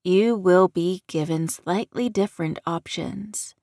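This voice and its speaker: Audiobook villain: woman narrator doing a commanding middle-aged male shifter, measured and dry. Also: fairly low pitch, dark tone, no echo. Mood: cool threat.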